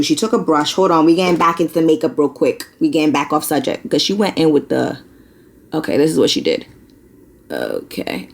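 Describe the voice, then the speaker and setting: A woman's voice: on the low side, vocal fry. A young American woman vlogging, chatting candidly while doing her makeup. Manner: candid, conversational, many fillers and likes.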